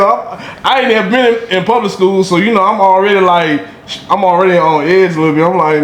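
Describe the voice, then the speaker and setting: A man's voice: high-pitched, fairly even intonation, brisk, hardly any pauses, fairly bright tone. A man, a podcast guest telling a story from his school days in a loose, slangy way that is full of "you know what I'm saying". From Durham, North Carolina. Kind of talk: casual storytelling. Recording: echoey room, faint background hum.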